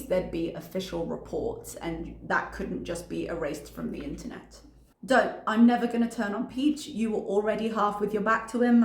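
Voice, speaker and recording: A woman's voice: on the low side, gravelly, reverberant. A woman giving reaction commentary in a blunt, analytical manner.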